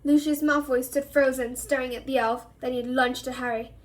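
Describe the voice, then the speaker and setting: A woman reading a novel aloud for a reading club, expressive and giving each character a voice. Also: high-pitched, normal speed, few pauses. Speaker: reader.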